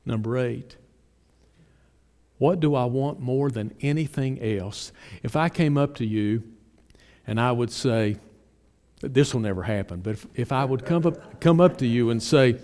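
A man's voice: mid-range voice, a little slow, a little mellow. A male pastor preaching a sermon, asking his congregation pointed rhetorical questions.

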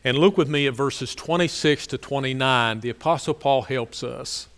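A man preaching a sermon, earnest and repetitive, pressing key phrases and then dropping to a soft, low delivery. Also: moderate pace, long reverb tail. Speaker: pastor.

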